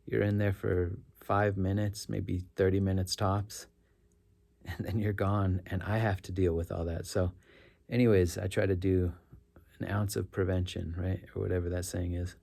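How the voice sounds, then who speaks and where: A middle-aged man with a deep, gravelly voice tells a story in a loose, reflective way. His tone is dark and mellow, and he often circles back and corrects himself as he talks. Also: flat delivery, moderate pace. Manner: rambling, self-correcting, earnest. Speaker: rideshare driver sharing stories.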